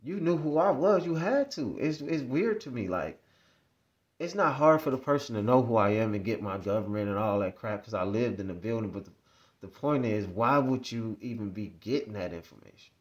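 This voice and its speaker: A man's voice: medium pitch, normal speed. Man rambling through a casual story. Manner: rambling, repetitive, conversational. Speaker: vlogger.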